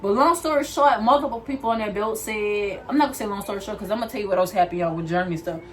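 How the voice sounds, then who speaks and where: A young woman vlogger telling a story in a loud, animated way while doing her hair, speaking straight to her viewers. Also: medium pitch, very fast. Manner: animated, talks straight to viewers, calls them "y'all"; loud, says she has a loud mouth.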